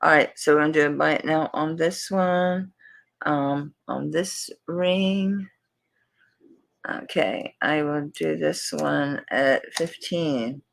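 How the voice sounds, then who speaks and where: On a low-quality recording, a woman speaks slowly in a low, gravelly voice. Originally from Tampa, Florida, USA, she has a Southern US accent and hosts a live jewelry sale, keeping up casual live-stream selling chat as she rambles and mutters to herself while searching her table.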